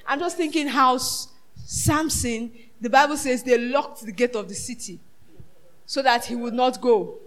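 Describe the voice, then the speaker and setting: Speaking unhurriedly in a high voice, a woman delivers a sermon that swings between shouted peaks and hushed asides. She keeps posing rhetorical questions to the congregation.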